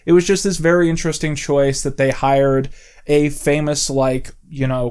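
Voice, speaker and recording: A man talking off the cuff into a close mic, explaining at length in a casual, rambling way with many "you know"s and "like"s. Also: on the high side. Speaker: video essay host.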